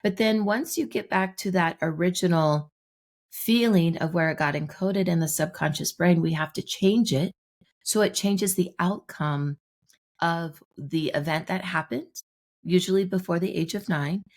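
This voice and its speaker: Gravelly low-voiced woman explaining. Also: measured pace. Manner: explanatory, tells anecdotes with acted-out dialogue. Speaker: guest, manifestation teacher. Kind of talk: podcast interview.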